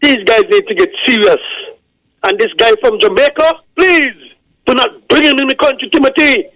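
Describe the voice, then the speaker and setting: A man's voice: very high-pitched, moderate pace, a bit bright, no room sound. A man with a Kittitian accent calling in to a radio show, insistently repeating his indignant points. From Saint Kitts and Nevis. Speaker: caller. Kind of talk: call-in radio rant. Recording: dry phone line.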